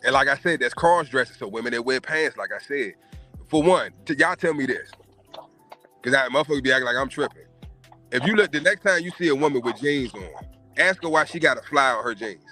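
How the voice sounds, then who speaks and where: A man's voice: medium pitch, expressive, brisk, sharp tone, soft background music. A man hosting a casual podcast, giving emphatic, profane opinions. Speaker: podcast host.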